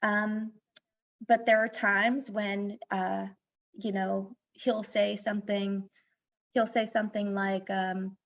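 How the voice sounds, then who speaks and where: A woman's voice: medium pitch, level tone, slow pace, creaky. Earnest woman life coach, lo-fi sound. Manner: earnest, mixes advice with personal stories. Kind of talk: candid podcast interview. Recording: dull lo-fi sound.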